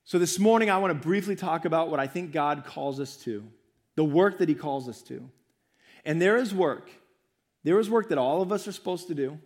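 A man's voice: a little high, normal speed. A young adult man, a pastor, preaching a sermon in church, earnest and building emphasis through repetition.

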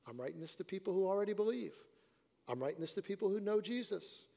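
A man's voice: high-pitched, animated, fast, creaky, dark tone. A man preaching a sermon as pastor, earnest, with rising and falling emphasis. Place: church sanctuary. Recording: church hall reverb.

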